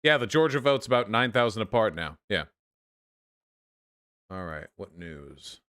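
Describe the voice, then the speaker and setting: A young man hosting a livestream, reacting to chat with sarcastic, animated commentary full of swearing. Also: on the low side, a little slow, smooth. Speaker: livestream host.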